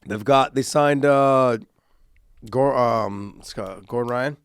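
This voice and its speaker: A man's voice: medium pitch, slow pace, smooth, dry recording, studio quality. A man co-hosting a podcast in casual chat, rambling and hesitant with many fillers. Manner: rambling, hesitant, lots of ums and likes. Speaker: podcast co-host.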